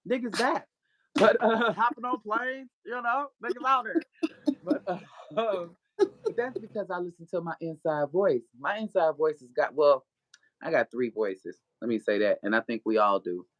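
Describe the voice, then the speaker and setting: A woman's voice: lowish voice, moderate pace, no echo, dull audio. A woman guest telling her story in a blunt, profane way, mixing in spiritual preaching and frequent laughter. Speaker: guest author. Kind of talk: candid personal storytelling.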